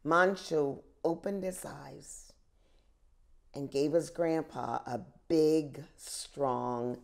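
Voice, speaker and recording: A woman reading a children's book aloud in a slow, expressive way. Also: deep voice, gravelly. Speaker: reader.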